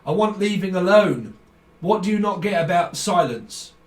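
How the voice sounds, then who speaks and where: A man's voice: high voice, expressive, moderate pace. Sweary man ranting through a tarot reading. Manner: swearing, ranting, laughing often. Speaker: tarot reader. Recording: roomy, distant from mic, faint background noise.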